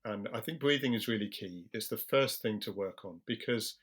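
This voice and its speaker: Calm British man, low voice. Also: husky. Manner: calm, measured, slows deliberately for emphasis. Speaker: general practitioner guest. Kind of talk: explanatory interview talk.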